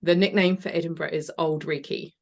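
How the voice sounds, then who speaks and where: A woman with a slightly low voice chats eagerly as a podcast guest. She talks in long, enthusiastic runs and laughs easily along the way. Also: fairly even intonation, brisk. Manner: chatty, enthusiastic, laughs often. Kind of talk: casual interview chat.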